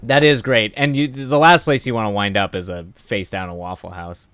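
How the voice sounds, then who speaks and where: A man with a fairly low voice chats loosely with his stream viewers, rambling through fillers and breaking into laughs. The sound is dry and close, with no room echo. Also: fairly even intonation, moderate pace, fairly bright tone, clean tone. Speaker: livestream host. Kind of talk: casual chat reading viewer comments.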